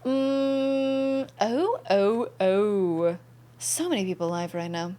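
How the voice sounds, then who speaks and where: A woman's voice: medium pitch, fairly even intonation, slow pace, dark tone, slight background noise. A young woman streaming a game, chatting casually and bubbly with viewers and thanking them by name.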